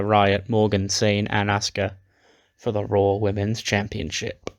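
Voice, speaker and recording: A man narrating a wrestling simulation playthrough, recapping matches casually. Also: on the low side. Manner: recaps storylines casually with swearing. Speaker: game player narrating.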